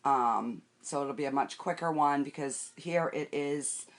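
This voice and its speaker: Deep-voiced and a little slow, an older makeup vlogger rambles casually about her day on a live stream, calling out viewers by name. All the while she's wiping her face and putting on makeup.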